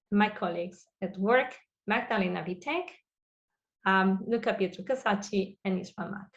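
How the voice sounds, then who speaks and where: Woman lecturing over a muffled call. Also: mid-range voice. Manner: halting non-native phrasing with many fillers. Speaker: guest researcher.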